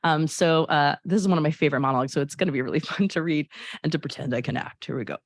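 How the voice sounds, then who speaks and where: Low-voiced chatty woman playwright. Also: very fast, no echo, clean studio sound. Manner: chatty, fond, many fillers and restarts. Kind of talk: introducing a reading of her play.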